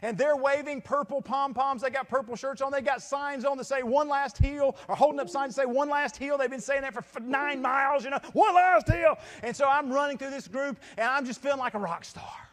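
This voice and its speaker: A middle-aged man giving a motivational keynote, telling a story with lively acted-out quotes. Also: very high voice, a little fast, hardly any pauses. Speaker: keynote speaker. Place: large convention hall. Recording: long hall reverb.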